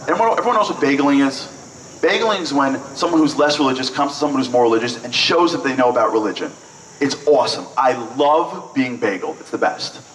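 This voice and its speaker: A man from Brooklyn, telling lively, joking stories to an audience with lots of "like"s. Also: fairly high pitch, background noise. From Brooklyn, New York. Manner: lively, joking, chatty with many "like"s. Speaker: event speaker. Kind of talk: storytelling speech to an audience. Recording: echoey hall, mic at a distance.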